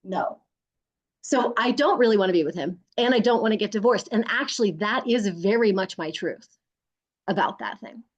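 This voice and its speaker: A woman's voice: medium pitch, moderate pace, highs cut off. A woman leading a group through a guided body exercise on a video call, coaching them and often laughing. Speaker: workshop leader.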